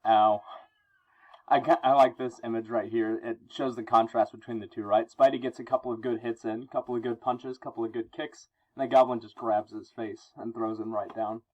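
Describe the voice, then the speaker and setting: A male teacher reading through a comic book with his class and explaining it in a relaxed way. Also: mid-range voice, fairly quick, hardly any pauses, highs cut off. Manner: explanatory, relaxed, many fillers.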